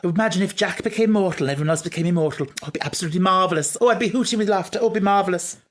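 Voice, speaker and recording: A man's voice: high-pitched, very fast, voice pushed up, natural voice. A man putting on the voice of a delighted, theatrical male TV writer, gleeful and hooting.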